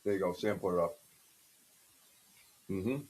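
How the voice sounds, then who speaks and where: A man hosting a casual podcast livestream from his home studio, talking in an excitable, rambling way and giving shout-outs to the chat. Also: low-pitched, a little slow. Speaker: podcast host.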